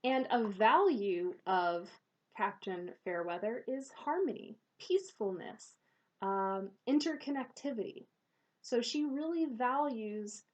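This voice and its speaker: A woman reviewing a children's book for parents, speaking in a thoughtful, measured way with pauses and fillers. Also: fairly high pitch, muffled recording.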